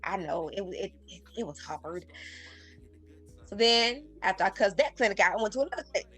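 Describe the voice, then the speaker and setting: A woman tells her story in a loose, lively way and slips into other people's voices as she goes. Her pitch sits mid-range. Faint music plays behind her. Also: a little fast. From grew up singing in church. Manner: lively, animated retelling with quoted voices. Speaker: podcast guest, singer. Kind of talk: casual storytelling.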